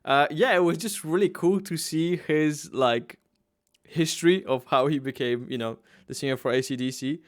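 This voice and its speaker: A man's voice: a little high, moderate pace. A man hosting a reaction video, giving a chatty, casual outro and thanking viewers.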